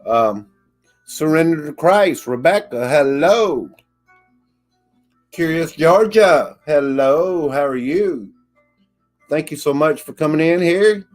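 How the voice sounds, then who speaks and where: A man hosting a casual livestream, slowly greeting viewers and thanking chatters by name. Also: fairly high pitch, animated, faint music behind. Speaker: livestream host.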